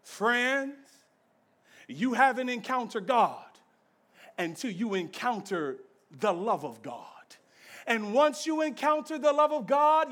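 Male pastor, very high voice, fervent sermon, hushed to shouting, rhythmic repeats. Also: lively intonation, slow pace. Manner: passionate preaching, swings from hushed to shouting; repetitive rhythmic call-and-response phrasing.

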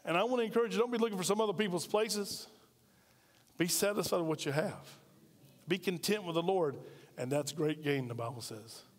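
A high-voiced American man preaches a little fast as pastor of a large church, and the hall is big. He keeps it conversational and prompts call-and-response from the people listening.

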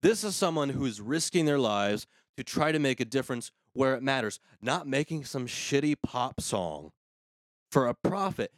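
A man hosting a casual comedy podcast, ranting in a crude, sarcastic way. His voice sits at an ordinary middle pitch. The sound is close and dry, with no room around it. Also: sing-song, normal speed, no echo. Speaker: podcast host.

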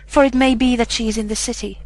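A woman's voice: fairly high pitch, fairly even intonation, fast talker, close to an everyday voice. A woman voicing a remorseful outcast boy who pleads humbly in an audiobook reading. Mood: humble.

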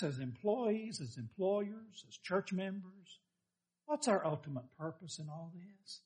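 A middle-aged male pastor preaching a sermon, emphatic, asking rhetorical questions and quoting scripture. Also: high-pitched.

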